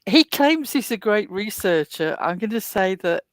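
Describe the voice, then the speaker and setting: A woman's voice: medium pitch, expressive, moderate pace, no room sound. A woman co-hosting a casual gossip chat, blunt and sarcastic in her remarks. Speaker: co-host.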